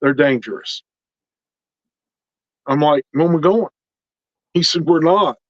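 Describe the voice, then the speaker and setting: Speaking slowly in a voice on the high side, a middle-aged interview guest relates his experiences casually. He animatedly takes on the roles of other people, quoting their words in each exchange. The dull lo-fi recording carries no echo.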